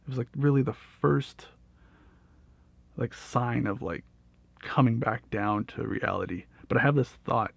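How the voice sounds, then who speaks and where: A man's voice: mid-range voice, unhurried, vocal fry, long pauses, breathy edge, no echo. A young man telling a personal story in a casual, rambling way, with lots of fillers, swearing and laughter. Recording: dull, dry lo-fi audio.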